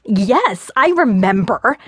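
A furious young woman screaming high and loud. Her voice shoots far above the narrator's own and stays piercing in a dry, close audiobook sound. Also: big pitch swings, takes it slowly, husky, dry recording, full character voice. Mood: angry. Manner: shrill, screaming. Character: furious young woman, frightened then raging. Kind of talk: audiobook character dialogue.

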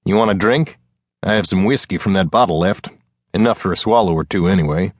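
A man voicing a lean, easygoing male outlaw with a slight Irish brogue, speaking in a teasing, relaxed way. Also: low-pitched, a little fast, no echo.

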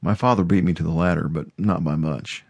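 A male audiobook narrator with a very low voice tells the story in first person, measured and steady. The recording is close and completely dry, with no room sound at all. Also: gravelly, slightly rough, dry recording.

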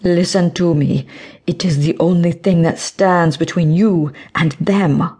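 A woman's voice: on the low side, steady tone, a little slow, mellow, breathy edge. A woman doing a stern, ominous fortune teller.

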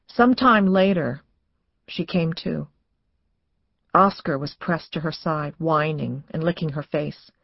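A woman's voice: sits low, takes it slowly, creaky, dry recording, muffled recording. Woman narrating a suspense audiobook. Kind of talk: scripted narration.

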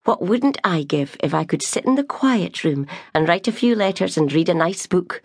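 A restless young maid, put on by a woman narrator, talks in a soft, wistful way. Her voice sits slightly low and sounds close and dry. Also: expressive, normal speed, slightly rough, no room sound. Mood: teasing.

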